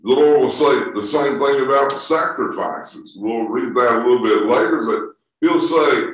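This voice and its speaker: A man delivers a sermon at an unhurried, deliberate pace, with a mid-range voice. He reads scripture and stresses repeated phrases. The recording catches him from a distance in a strongly echoing room. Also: medium pitch, a bit bright. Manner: measured, deliberate reading with emphatic repetition. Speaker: preacher. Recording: echoey room from far off.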